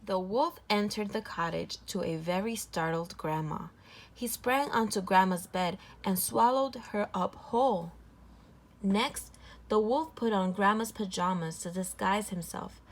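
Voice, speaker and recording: A woman reading a children's storybook aloud, clear, gentle and even. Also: mid-range voice, measured pace. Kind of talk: read-aloud storybook narration.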